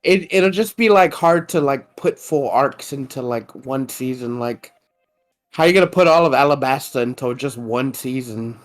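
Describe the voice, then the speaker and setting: A man co-hosting a casual podcast chat, excitable and rambling, laughing often and swearing freely. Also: medium pitch, normal speed, faint music behind. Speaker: podcast co-host.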